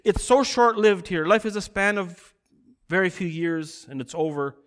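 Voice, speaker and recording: A man with a high, bright voice preaching a sermon. He speaks earnestly, lets key phrases swell louder and stretches them out for emphasis. His delivery carries a pastor's steady conviction. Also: moderate pace, smooth.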